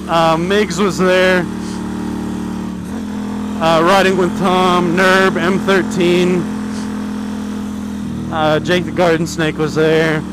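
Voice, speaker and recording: A man vlogging while riding his motorcycle, telling a long, angry, profanity-laden story in a rambling way. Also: a little high. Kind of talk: profane ranting vlog. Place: outdoors riding a motorcycle on a country road. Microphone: helmet action camera. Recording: engine and wind noise.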